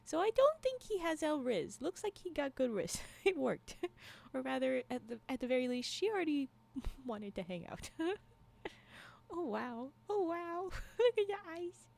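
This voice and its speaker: A high, bouncy woman's voice with a gravelly fry at the ends of phrases, taking its time. She chats with her stream between bits of a story, laughing a lot and squealing at what she sees. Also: very animated, a little slow, darkish tone. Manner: giggly, exclamatory reactions to chat. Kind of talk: casual livestream chat and story reading.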